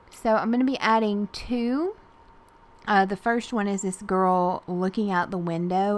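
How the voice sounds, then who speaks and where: Southern woman, casual crafting voice-over, rambling and folksy, mid-pitched. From Tennessee. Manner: chatty and rambling, frequent soft laughs and fillers. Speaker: art journaling YouTuber.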